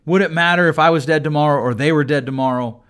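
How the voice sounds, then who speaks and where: A man's voice: on the high side, quick pace, a bit bright, smooth. A man hosting his own podcast, talking through advice in a loose monologue, often repeating and restarting words, with a dry sense of humor. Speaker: podcast host.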